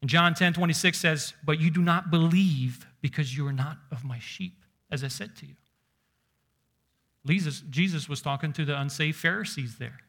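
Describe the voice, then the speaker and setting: A man preaching a sermon, emphatic, slowing down and dropping to a near whisper to stress points. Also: on the high side, fairly bright tone.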